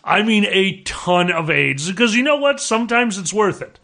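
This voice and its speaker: Brash, high-voiced comic man. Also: big pitch swings, normal speed, vocal fry, pushed and bright. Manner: brash, crude, laughing riffs. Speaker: podcast co-host. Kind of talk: crude comedic banter.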